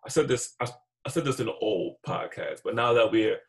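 A man's voice: fairly low pitch, expressive, a little fast, creaky. A young man on a podcast, speaking earnestly and stumbling over repeated words. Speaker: podcast co-host. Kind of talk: heated podcast conversation.

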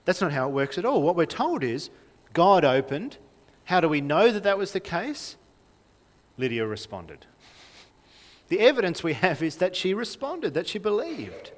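Lively young man preaching a sermon. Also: mid-range voice. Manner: lively, conversational, asks the congregation questions. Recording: reverberant hall.

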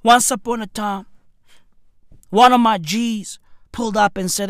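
A man ranting in a profane, rambling comedy monologue, swinging from mumbles to shouts. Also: high-pitched, fairly even intonation, moderate pace, long pauses, clear, resonant tone, dry recording, studio quality. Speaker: comedic vlogger.

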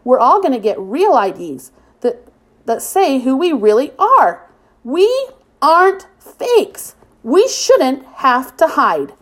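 A woman's voice: fairly high pitch, sing-song, moderate pace, breathy edge. A woman voicing a fierce, passionate teenage girl who speaks intensely and indignantly.

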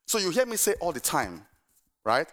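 A middle-aged male pastor preaching a sermon, telling stories in an animated way and urging the congregation to answer back. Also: fairly high pitch, moderate pace.

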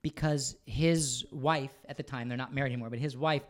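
A man's voice: medium pitch, brisk. A man hosting a podcast in casual chat, telling stories with lots of laughter and some swearing. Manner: animated storyteller, laughs often, swears. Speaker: podcast host.

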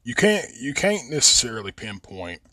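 A man's voice: medium pitch, sing-song, moderate pace, bright, forceful tone, dry recording. A man with a Southern Appalachian accent, rambling and cussing freely as a podcast host, drawling and stretching his vowels into a close mic. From West Virginia. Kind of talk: casual profane monologue.

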